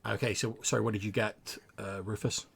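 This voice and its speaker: A man's voice: on the low side, steady tone, brisk, gravelly, fairly bright tone. A man narrating as game master, describing scenes with frequent stammered restarts.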